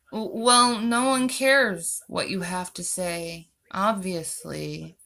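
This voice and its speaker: Sarcastic woman, slow and bright. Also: medium pitch. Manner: sarcastic and mocking. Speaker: channel host. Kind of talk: vlog reacting to viewer comments.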